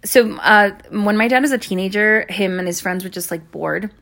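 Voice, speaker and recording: A woman's voice: mid-range voice, creaky, a bit bright. A woman rambling to her listeners in a casual chat, full of likes and ums, swearing often and apologizing as she tells a story. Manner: apologetic, talks fast in bursts. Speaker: audio creator talking to listeners.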